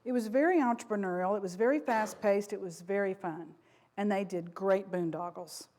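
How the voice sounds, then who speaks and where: A woman's voice: medium pitch, normal speed, darkish tone. A middle-aged woman giving a lecture to an audience, speaking frankly and conversationally, with frequent asides and restarts. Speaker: speaker, former company vice president.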